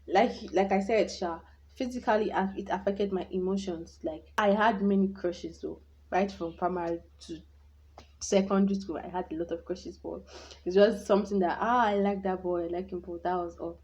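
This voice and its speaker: A woman's voice: fairly low pitch, steady tone, normal speed, darkish tone. A young woman telling her own life story in a vlog, candid and reflective, rambling with many restarts. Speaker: vlogger. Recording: dull lo-fi sound.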